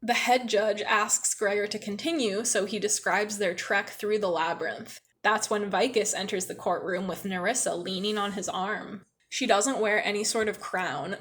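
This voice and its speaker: A woman co-hosting a podcast, recapping and discussing book chapters in a casual, chatty way with lots of "like" and frequent laughter. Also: medium pitch. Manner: chatty, heavy use of "like", laughs often. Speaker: podcast co-host.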